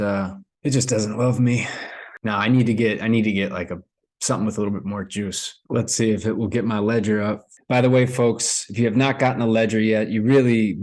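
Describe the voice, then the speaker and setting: A man's voice: lowish voice, a little mellow. A man giving casual commentary to camera as a vlogger, rambling as he explains things. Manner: rambling, with many fillers and restarts. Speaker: crypto vlogger.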